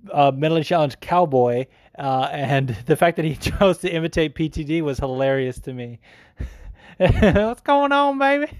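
An American man hosts a podcast in loose, rambling chat, swearing freely and laughing easily. His voice sits a little high and is heard close to the mic. The sound is dry, with no room echo. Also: a little mellow. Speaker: podcast host. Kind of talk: casual chat.

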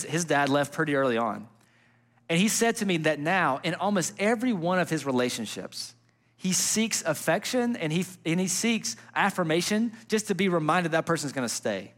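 A young man preaching a sermon with a fairly high voice. He talks in a loose, conversational way, full of fillers, restarts and asides, as if chatting with the congregation. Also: animated, moderate pace, a bit bright. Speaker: pastor.

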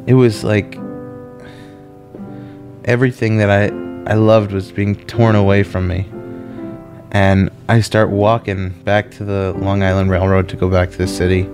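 Animated male storyteller. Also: low-pitched. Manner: animated, acts out quoted voices. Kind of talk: personal storytelling.

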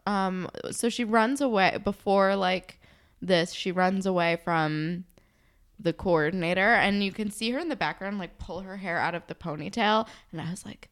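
A young woman co-hosting a casual recap chat, expressive and swearing casually. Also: moderate pace, smooth. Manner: expressive, swears casually, dips low for emphasis. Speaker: podcast co-host.

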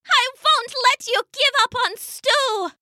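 A woman doing a squeaky little mouse girl. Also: takes it slowly, sharp tone, no echo, clean studio sound, heavily acted. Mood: urgent. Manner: squeaky, insistent, breaks into song. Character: tiny eager female mouse.

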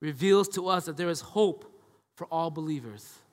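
Pastor in his 30s preaching, kinda high voice, lots of "right?", reverb from a big church hall. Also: normal speed. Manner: conversational, tag questions, swings from hushed to loud. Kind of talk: sermon.

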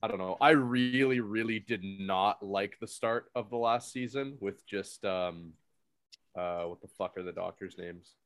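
A man's voice: fairly low pitch, measured pace, fairly bright tone, no room sound. A young man co-hosting a podcast in casual chat, blunt and opinionated, swearing freely. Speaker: podcast co-host.

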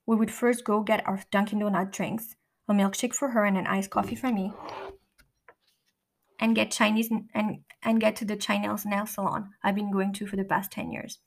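A woman's voice: medium pitch, level tone, normal speed, creaky. A middle-aged woman reading her own memoir in the first person, candid and blunt, with occasional restarts and swearing. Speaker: memoir narrator.

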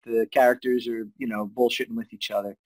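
A man co-hosting a podcast, chatting in a relaxed, rambling way and tripping over his words. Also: mid-range voice, fairly quick, no echo, rough recording. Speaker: podcast co-host. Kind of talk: casual chat reviewing a film.

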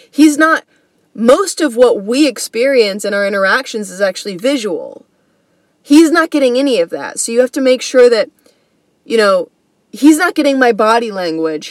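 A woman's voice: fairly high pitch, no room sound. Woman, comedy podcast host, casual storytelling, slangy and earnest, close dry recording. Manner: slangy and earnest, says bro and dude.

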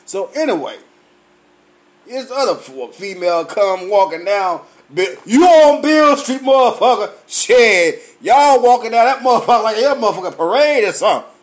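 A man, tipsy from drinking, telling loud, profane comic stories and laughing at his own punchlines. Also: high voice, expressive. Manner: loud, laughing, heavy cursing, drawn-out punchlines. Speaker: comedian vlogger. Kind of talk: profane comic storytelling rant.

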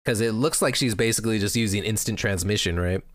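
A man's voice: lowish voice, fast talker, no room sound, clean studio sound. A man chatting casually and recapping an anime show as a podcast host, laughing often.

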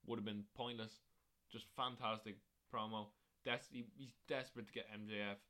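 A man's voice: lowish voice, fairly even intonation, moderate pace, bright, forceful tone. A man hosting a podcast on his own, recapping wrestling shows in a rambling, casual way with plenty of fillers and swearing. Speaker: podcast host.

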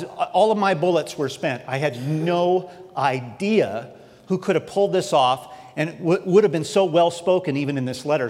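Man telling a story in a reverberant hall. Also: sits high. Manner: earnest, animated storytelling. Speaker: preacher. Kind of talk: sermon storytelling.

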